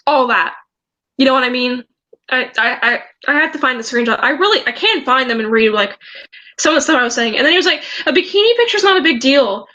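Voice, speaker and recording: High bright teenage girl rambling. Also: fast, muffled recording. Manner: rambling and agitated, many restarts. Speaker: vlogger. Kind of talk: storytime vlog.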